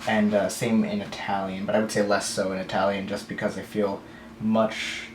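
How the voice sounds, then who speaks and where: A man's voice: lowish voice, little pitch movement, moderate pace, reverberant, slight background noise. A man vlogging about learning languages, speaking carefully and a bit overpronounced while his mouth is sore after dental surgery. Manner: careful, slightly overpronounced speech. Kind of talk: casual talk to camera.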